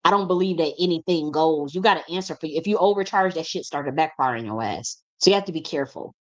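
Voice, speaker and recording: A woman's voice: low-pitched, fast talker, muffled recording. Blunt, profane woman preaching with fire. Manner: emphatic, repeats phrases for stress. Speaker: spiritual teacher. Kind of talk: impassioned monologue.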